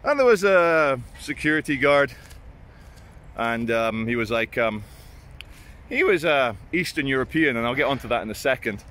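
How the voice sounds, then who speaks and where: A man's voice: medium pitch, lively intonation, normal speed, fairly bright tone, slight background noise. A man telling blunt, self-mocking stories outdoors in casual vlog style and swearing freely. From Britain. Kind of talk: casual storytelling. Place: outdoors at sunrise.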